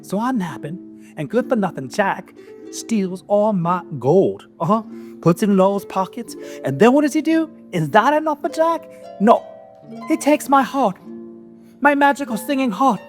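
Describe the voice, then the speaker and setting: A man's voice: sits high, very animated, moderate pace, voice pushed up. A man playing a resentful male giant grumbles through his side of a storybook tale in a raised, squeezed-up voice, full of street-tough grammar and indignant questions. A little guitar plucks faintly behind him. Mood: indignant grumbling.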